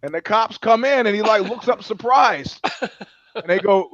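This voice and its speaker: A man with a fairly high voice tells rambling stories on a podcast, swearing as he goes and acting out what people said. His voice sounds dull and dry, recorded close without any room sound. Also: lively intonation, normal speed, fairly bright tone, no room sound. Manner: rambling storyteller, swears often, acts out quotes. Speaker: podcast co-host. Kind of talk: casual chat.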